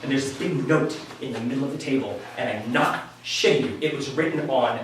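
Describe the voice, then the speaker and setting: A man telling a personal story at a live story slam, candid and animated, laughing often. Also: mid-range voice, brisk, a little hiss or hum. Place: live venue stage. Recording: echoey room from a distant mic.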